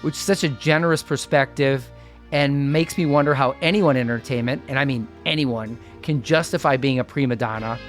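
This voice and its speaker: A man hosting a podcast, narrating in an earnest, measured, scripted way. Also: medium pitch, soft background music. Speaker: podcast host.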